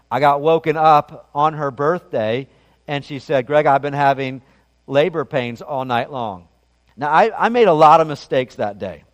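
Middle-aged male pastor, slightly high voice, conversational sermon, long hall reverb. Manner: conversational storytelling preacher with frequent restarts.

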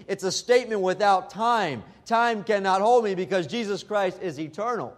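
Male pastor with a high voice, emphatic pulpit delivery, deliberate when reading verses. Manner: emphatic, slows down when quoting scripture. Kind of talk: expository sermon.

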